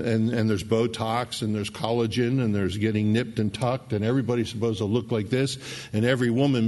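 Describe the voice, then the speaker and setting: A middle-aged man preaching a sermon, emphatic, repeating key words and restarting phrases. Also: on the low side. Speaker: pastor.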